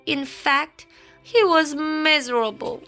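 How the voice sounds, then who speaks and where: A woman's voice: sits high, takes it slowly, bright, forceful tone. A woman reading a children's picture book aloud, dramatic and playful, with sound effects. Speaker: storybook reader. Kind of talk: expressive children's story read-aloud. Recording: faint background music.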